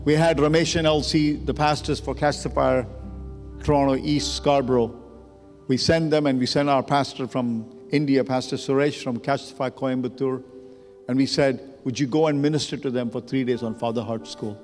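A man's voice: mid-range voice, steady tone, moderate pace, darkish tone. A man pastor telling a story in a sermon, emotional and building to urgent preaching. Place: church sanctuary. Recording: long church hall reverb, music underneath.

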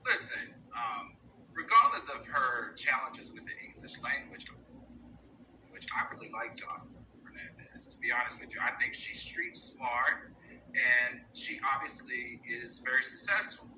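A man's voice: medium pitch, big pitch swings, normal speed, bright, forceful tone. A man co-hosting a gossip talk show, dramatic and playful in his banter. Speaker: co-host. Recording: dull, distant mic with faint noise.

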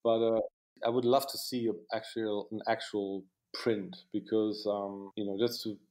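Here the cinematographer speaks lower, at a measured pace, with little pitch movement and a slightly mellow tone. His interview recollections are reflective, full of restarted sentences and "you know" fillers.

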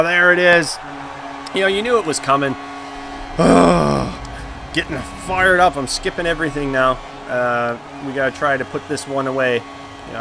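A man's voice: a little high, background noise. A man giving live commentary on his own video game, groaning and exclaiming as the plays go for and against him. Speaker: gaming YouTuber.

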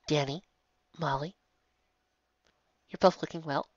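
A woman voicing a gentle, caring elder princess pony mare in a soft, soothing voice, recorded dull and lo-fi. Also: low voice, fairly even intonation, unhurried, no room sound. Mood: tearful.

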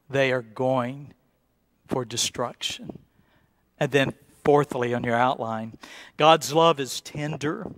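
A male pastor preaching a sermon in an earnest, deliberate way, repeating words and rising into pleading emphasis. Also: medium pitch, a bit bright, dry recording.

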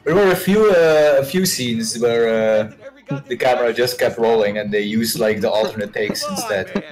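A man's voice: medium pitch, animated, normal speed, darkish tone, rough recording. A man chatting over gameplay in a rambling, sarcastic way. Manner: rambling, sarcastic, laughing asides. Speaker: co-commentator. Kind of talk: casual gaming chat.

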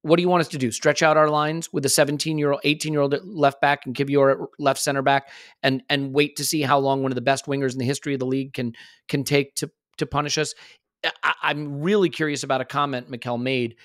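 A man's voice: medium pitch, little pitch movement, fast, fairly bright tone, no echo, studio quality. A man hosting a football podcast, giving worked-up opinions in casual chat. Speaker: podcast host.

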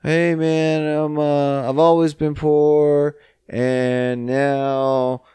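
A man's voice: a little high, little pitch movement, extremely slow, dark tone, clean tone, dry recording, voice pushed up. A man putting on the voice of a whiny broke man pleading for money, in a mocking way. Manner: pleading, mock-pitiful.

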